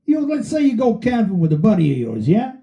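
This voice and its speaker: A man putting on the voice of a cheeky, laid-back Canadian-Italian male musician, telling a joke in a high, teasing voice. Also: wildly swooping pitch, fairly quick, creaky, mellow, highs cut off, exaggerated voice. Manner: high, teasing storyteller's mimicry.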